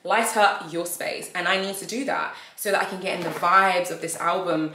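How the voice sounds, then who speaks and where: A young woman, chatting excitedly on a phone camera at home as a vlogger, gushing and slangy. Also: fairly low pitch, brisk, few pauses. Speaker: vlogger and interviewer. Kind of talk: casual vlog chat. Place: at home, indoors. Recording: echoey room with background noise.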